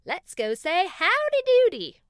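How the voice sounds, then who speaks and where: A woman's voice: very high-pitched, huge pitch swings, measured pace, no echo, studio quality, voice pushed up, full character voice. A woman voicing a friendly male unicorn in a children's story, speaking in a melodious, welcoming way. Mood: cheerful. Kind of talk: storybook character voice.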